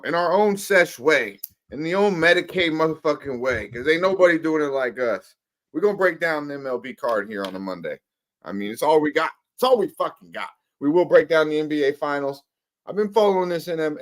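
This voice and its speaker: A man co-hosting a live sports betting talk show, his voice sitting a touch high for a man. He rambles, swears freely and laughs his way through casual banter with his co-host. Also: a bit bright. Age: older.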